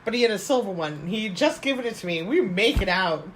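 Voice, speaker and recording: A woman's voice: mid-range voice, animated, fast, a little hiss or hum. A woman co-hosting a podcast, telling family stories in casual chat with frequent laughter. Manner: laughing storyteller, acts out quotes. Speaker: podcast co-host.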